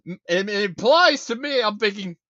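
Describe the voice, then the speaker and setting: A man's voice: high-pitched, expressive, moderate pace, sharp tone, no echo, muffled recording. A man hosting a casual live-stream talk show, ranting and stammering as he repeats himself over and over. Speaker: show host.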